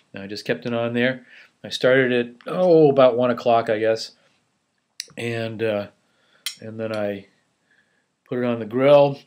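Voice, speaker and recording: Man, home cook vlogger, casual and rambling, recorded on a camera mic at his table. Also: mid-range voice. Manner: chatty, rambling, restarts, talks while chewing. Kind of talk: casual food show-and-tell.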